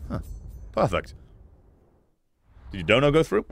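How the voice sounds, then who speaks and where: A man streaming a video game live, commenting excitably and swearing often. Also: medium pitch, measured pace, vocal fry. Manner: excitable, profane, chatty.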